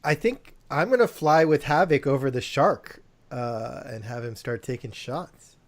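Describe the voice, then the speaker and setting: A man's voice: mid-range voice, animated, unhurried. A man playing a tabletop game, casually and hesitantly thinking aloud about his moves. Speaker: player.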